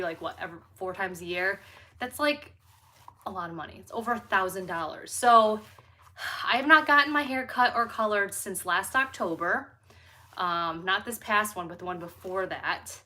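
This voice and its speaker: A woman's voice: mid-range voice, sharp tone. A woman chatting casually and candidly to her viewers at home, filming herself on a phone set on a tripod. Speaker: lifestyle vlogger. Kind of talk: casual chat to camera.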